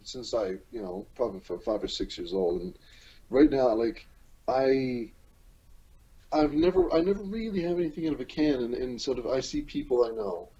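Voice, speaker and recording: A man from Newfoundland and Labrador hosting a podcast, talking in a rambling, halting way with many restarts. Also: mid-range voice, animated, dark tone, breathy edge, dull audio. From Newfoundland and Labrador, Canada. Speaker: podcast host. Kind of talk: casual chat.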